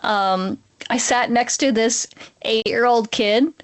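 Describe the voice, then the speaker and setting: A woman's voice: fairly high pitch, slow. A young woman co-hosting a podcast, chatting in an emotive, gushing way and often saying "like". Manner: emotive, gushing, says "like" a lot. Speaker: podcast co-host. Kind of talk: casual chat.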